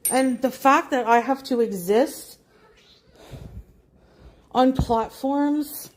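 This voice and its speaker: A woman's voice: high voice, slow pace. A woman livestreamer ranting angrily and swearing about the drama around her. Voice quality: angry, profane ranting. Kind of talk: livestream rant.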